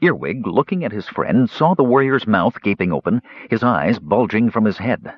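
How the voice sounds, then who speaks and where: Guy reading fantasy audiobook, lively dramatic delivery, kinda husky, dull lo-fi sound. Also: lowish voice, normal speed, dry recording. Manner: dramatic, animated storytelling. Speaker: audiobook narrator. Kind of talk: scripted fantasy narration.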